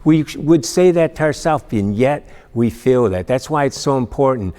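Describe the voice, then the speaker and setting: A man's voice: medium pitch, expressive, moderate pace, mellow, in a large hall. A man teaching an emotional resilience class, talking earnestly and asking the class questions as he reads a story aloud. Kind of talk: classroom lecture reading aloud.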